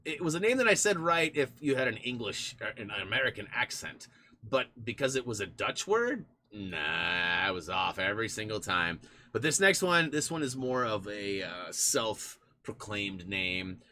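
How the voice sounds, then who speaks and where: A man's voice: fairly low pitch, big pitch swings, normal speed, pushed and bright, a little hiss or hum. A man hosting a casual live stream from in front of a green screen, chatting in a rambling way and thanking supporters by name.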